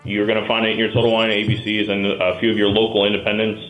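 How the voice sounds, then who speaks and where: A man explaining a new beer on a radio show, relaxed and full of fillers. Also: fairly low pitch, fast talker, faint music behind. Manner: laid-back, hesitant with many fillers. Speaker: beer expert guest. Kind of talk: casual product talk. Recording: roomy echo.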